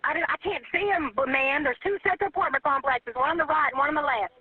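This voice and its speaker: Over a tinny phone line, a panicked woman with a high, quick voice calls 911. She cries and pleads, says the same things again and again, and keeps addressing the operator as ma'am.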